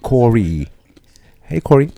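A man co-hosting a podcast, joking in animated casual banter. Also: mid-range voice, slow pace, creaky. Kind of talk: casual chat.

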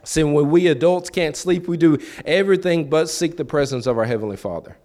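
A man's voice: fairly high pitch, brisk, darkish tone. Man preaching a conversational sermon. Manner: conversational, repeats words and acts out quoted voices; asks the listeners questions.

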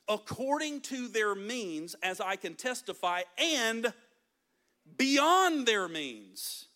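A man's voice: extremely high pitch, pushed and bright. A man preaching a fervent, emphatic sermon to a congregation. He often drops in "man" and "listen" as he presses his points. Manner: peppers talk with "man" and "listen". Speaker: pastor. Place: church service before a congregation.

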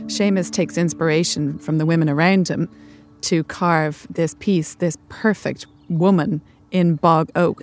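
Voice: mid-range voice, darkish tone. A podcast host asking the writer thoughtful, searching questions about her story. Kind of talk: interview questions.

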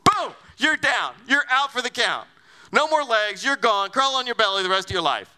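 A man's voice: extremely high pitch, expressive, normal speed, pushed and bright, clean tone, full character voice. A male preacher voicing a stern deity who hands down a curse with punchy emphasis.

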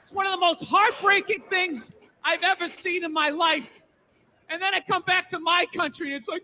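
A man's voice: very high-pitched, moderate pace, bright, forceful tone. A man doing a stand-up comedy routine, ranting in a profane way and putting on mocking voices.

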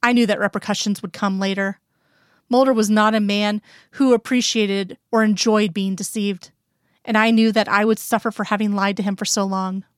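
A woman's voice: medium pitch, fairly even intonation, moderate pace, clear, resonant tone, no room sound, clean studio sound. Woman reading fiction, intimate and earnest. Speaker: reader. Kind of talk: first-person fiction reading.

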